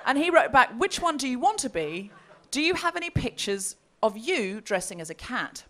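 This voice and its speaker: On a comedy festival stage before a live audience, a woman tells a comic story for a live podcast, reading out messages with relish. Her voice sits high, and she speaks at a moderate pace in an animated way.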